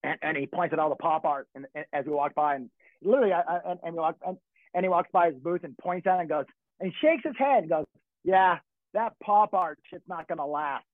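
A man's voice: a little high, fairly quick, no echo. A middle-aged man from California telling stories in casual chat, rambling and swearing with many restarts. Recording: tinny phone-like dry sound.

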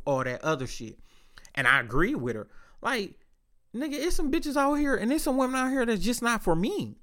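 A man's voice: a little high, fairly bright tone. A young man hosting a podcast, telling casual stories in a loose, profane way with a lot of laughter. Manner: profane, laid-back storytelling with frequent laughs. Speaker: podcast host. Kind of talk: casual storytelling monologue.

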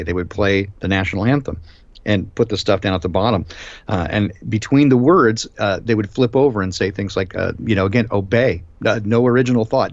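Man, live stream host, low voice, rambling, emphatic, dry dull lo-fi audio. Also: no echo. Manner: rambling, emphatic, many filler pauses. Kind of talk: casual discussion.

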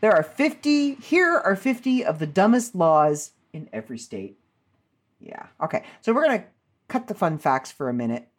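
A woman's voice: fairly low pitch, very animated, normal speed. A woman host in casual chat, reading out odd laws with chatty, amused asides.

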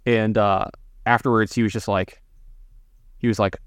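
A man's voice: fairly low pitch, fairly quick, pauses often, no echo, studio quality. A man co-hosting a podcast, telling long casual anecdotes full of fillers and asides. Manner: rambling, filler-heavy anecdotes. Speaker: podcast co-host. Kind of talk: casual storytelling.

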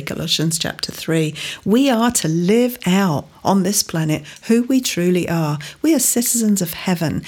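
Earnest woman preaching, slightly breathy. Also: on the low side, darkish tone. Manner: earnest, emphatic Bible teaching with rising stresses. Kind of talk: sermon.

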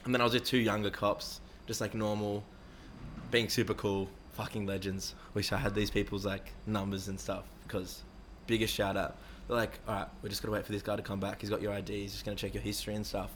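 Young aussie guy talking fast, kinda low voice, swears a lot, bit of background hiss. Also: little pitch movement, a bit bright. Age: young adult. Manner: fast, rambling, acts out quoted voices. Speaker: interviewee. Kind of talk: casual storytelling with heavy swearing.

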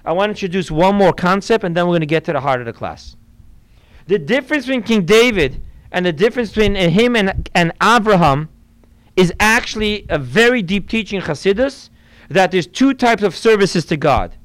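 A man with a fairly high, smooth voice gives an earnest Torah class. He explains patiently and keeps quoting Hebrew and Yiddish texts as he goes. The sound is dry and close, with no room around it. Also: expressive, fairly quick, fairly bright tone, no room sound, poor audio. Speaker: rabbi teaching a class.

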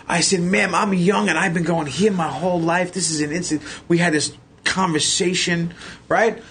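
A man telling a long, excited story as a podcast guest, loud and profane as he acts out what people said. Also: high-pitched, normal speed, a little hiss or hum. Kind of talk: animated storytelling.

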